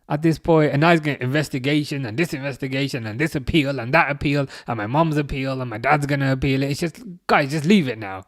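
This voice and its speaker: A young man streaming a live football watchalong, chatting casually, reading chat messages aloud and reacting with sudden bursts of excitement. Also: a little high, quick pace, few pauses, dry recording, clean studio sound.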